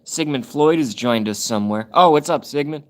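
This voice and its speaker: Guy ranting on his livestream, reading chat, rambly and sweary, voice jumps up and down a lot. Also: normal speed. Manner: rambling, profane, sudden jumps in pitch and loudness. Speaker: livestream host.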